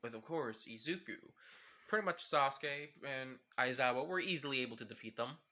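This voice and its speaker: A man's voice: mid-range voice, expressive, fairly quick, bright, forceful tone. A young man casually improvising a fan story, rambling with many fillers. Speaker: fan fiction narrator.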